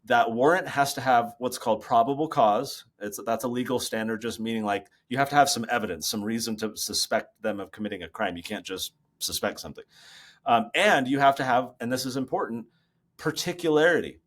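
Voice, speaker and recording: A man speaking as a guest over a laptop video call from his office, explaining ideas in an animated, storytelling way. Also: mid-range voice, brisk. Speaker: guest author. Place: home office.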